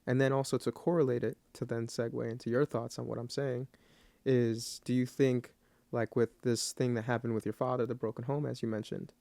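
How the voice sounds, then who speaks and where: A man's voice: medium pitch, level tone, brisk, gravelly, warm tone, dry recording. A man hosting a podcast interview, reflective and earnest as he talks about his faith. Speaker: podcast host. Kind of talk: interview conversation.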